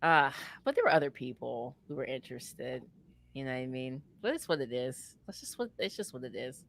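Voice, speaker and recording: A woman telling a story in casual chat, animated and laughing often as she acts out the voices of the people she quotes. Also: a bass voice, a little fast, no room sound. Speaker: former campus advisor.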